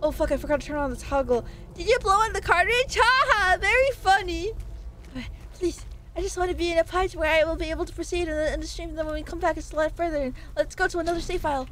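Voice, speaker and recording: A woman's voice: high-pitched, a little hiss or hum. A woman streaming a game live, chatting and rambling jokily to her chat as she plays. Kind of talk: live gameplay commentary.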